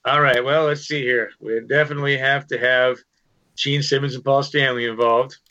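Bright-voiced man telling rambling stories. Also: medium pitch, fairly even intonation, normal speed. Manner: rambling, restarts, lots of "you know". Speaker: musician guest. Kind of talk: casual storytelling interview. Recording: dull lo-fi sound.

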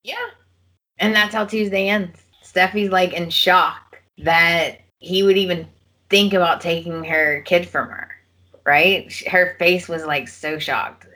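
Woman, podcast co-host, unhurried delivery, bright tone, casual recap chat. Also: on the low side. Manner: animated retelling, acting out characters' lines.

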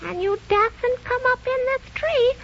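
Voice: very high voice, a little slow, fairly bright tone, full character voice. An actor playing a grouchy, boastful squirrel who taunts in sing-song rhymes, in 1930s radio drama style. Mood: taunting. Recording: muffled old radio recording, faint hiss.

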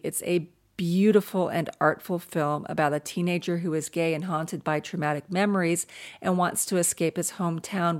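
A woman hosting a podcast, chatting casually with a guest, laughing easily and jumping between quick asides. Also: fairly low pitch. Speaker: podcast host.

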